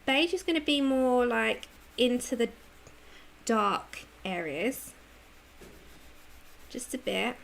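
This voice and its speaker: Woman streamer with a british accent, chatty and laughing a lot, kinda high voice with gravel in it. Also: animated, takes it slowly, long pauses, fairly bright tone. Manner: chatty, laughs often, answers viewer comments. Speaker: livestream host. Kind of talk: casual chat while colouring live.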